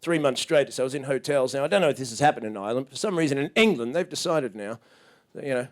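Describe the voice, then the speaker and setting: A man doing a stand-up comedy routine on a small club stage, ranting and swearing in disbelief, jumping into loud high shouts to act out other people. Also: lively intonation, quick pace.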